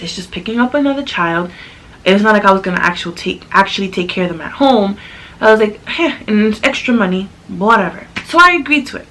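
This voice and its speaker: A sassy young woman chats to the camera about a rough babysitting job, animated and full of attitude. Her voice sits at an ordinary middle pitch and jumps up high when she quotes people. A faint hiss of noise runs under her voice. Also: rough recording. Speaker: vlogger. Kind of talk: casual storytime chat.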